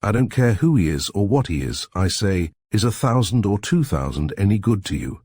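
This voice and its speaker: A man voicing a pushy, ingratiating middle-aged crook who talks loud and emphatic. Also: low voice, animated, normal speed, slightly rough, dry recording.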